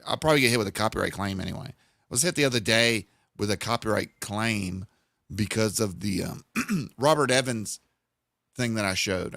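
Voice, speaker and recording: A man hosting a live stream, hoarse with his voice almost gone, mocking and laughing. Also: lowish voice, a bit bright, no room sound, studio quality. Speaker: streamer host.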